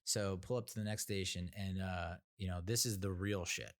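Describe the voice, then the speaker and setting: This podcast host's voice sits low and steady as he moves at a moderate pace through a loose, sarcastic tale. The casual monologue wanders and is thick with fillers.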